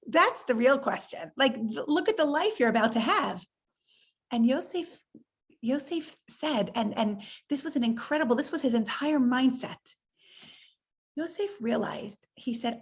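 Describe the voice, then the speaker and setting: Woman, high voice, rebbetzin guest, lively storyteller acting out quotes. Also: unhurried, pauses often. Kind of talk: inspirational talk in an interview.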